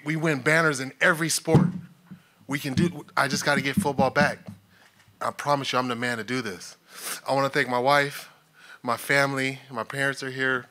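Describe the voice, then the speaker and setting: A man's voice: mid-range voice, pushed and bright. A man speaking as a new head coach at a press conference, fervent and emotional, talking in earnest bursts.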